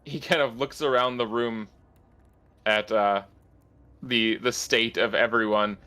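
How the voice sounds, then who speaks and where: A man's voice: mid-range voice, steady tone, unhurried, bright, forceful tone, clear, resonant tone. A man narrating a tabletop game as game master, describing scenes with restarts and fillers.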